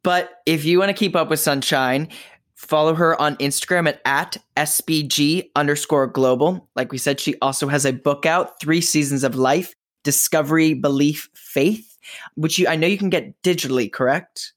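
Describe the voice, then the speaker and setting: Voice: medium pitch, moderate pace. A podcast host interviewing a guest, effusive and encouraging.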